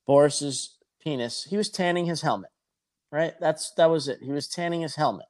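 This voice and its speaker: A man's voice: a little high, moderate pace, a little mellow. A man telling a rambling, profane anecdote in a casual chat. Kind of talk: casual storytelling.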